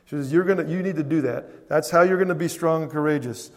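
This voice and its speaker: A man's voice: a little high, quick pace. Preaching man in a reverberant hall. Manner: preaching with frequent "Amen?" call-outs to the congregation. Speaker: pastor. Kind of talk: sermon.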